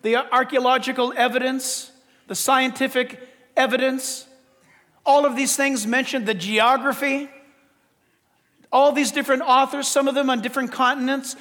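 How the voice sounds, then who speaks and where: A man's voice: extremely high pitch, little pitch movement, moderate pace, pushed and bright, big-room sound. A man preaching a sermon as pastor, building to impassioned emphasis. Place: church sanctuary.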